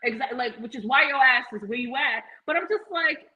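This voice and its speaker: A woman's voice: high voice, brisk, dull audio. A woman co-hosting a podcast, ranting bluntly and profanely in a casual reality-TV recap chat. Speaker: podcast co-host.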